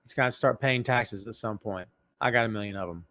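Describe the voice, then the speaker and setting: A man's voice: on the low side, fast talker, bright, forceful tone, no echo. A man hosting a casual podcast livestream, joking around and greeting viewers in the chat by name. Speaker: podcast host.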